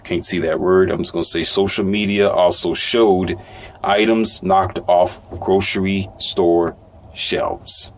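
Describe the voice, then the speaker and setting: A man's voice: low-pitched, fairly even intonation, takes it slowly. A man giving casual commentary, reading news aloud with stumbles, asides and a dismissive streak.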